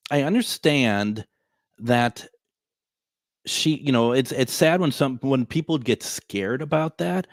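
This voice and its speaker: A man's voice: mid-range voice, slow, no echo, studio quality. Rambling male radio host telling a story. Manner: rambling, self-correcting, chuckling. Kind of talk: casual storytelling to listeners. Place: radio studio.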